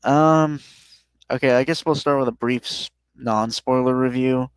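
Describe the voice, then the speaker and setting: A man co-hosting a podcast who sounds tired and talks in a relaxed, hedging way, starting often with "um". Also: medium pitch, unhurried, clear, resonant tone, dry recording. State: tired, yawning. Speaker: podcast co-host. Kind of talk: casual chat, movie review.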